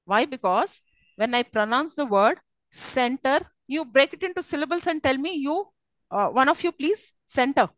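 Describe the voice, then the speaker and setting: A woman's voice: high voice, expressive, moderate pace, fairly bright tone, no echo, low-quality recording. A woman teaching a lecture, explaining step by step and often checking with "okay?". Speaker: English lecturer. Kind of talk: live classroom lecture.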